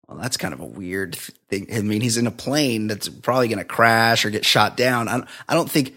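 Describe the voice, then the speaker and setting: A man in casual podcast chat who rambles through a movie plot, laughs often and slips into quoted lines as he goes. His voice sits at a middle pitch for a man. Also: brisk, few pauses, bright, forceful tone. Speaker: podcast co-host.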